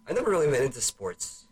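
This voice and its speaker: A teenage boy co-hosting a casual podcast, rambling through stories with many restarts and laughing as he talks. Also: mid-range voice. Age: teens. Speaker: podcast co-host. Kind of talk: casual chat. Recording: faint background noise, home podcast setup.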